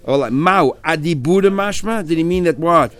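A man's voice: on the high side, normal speed. A man teaching a text study class, explaining step by step and acting out the speakers he quotes.

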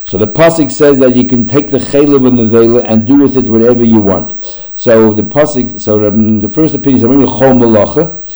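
A man leads a Talmud class at a brisk clip, rattling through arguments with frequent restarts. His voice is very dark and mellow, with an everyday mid-range pitch. He mixes Aramaic terms into his English explanations. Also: low-quality recording. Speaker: Talmud teacher.

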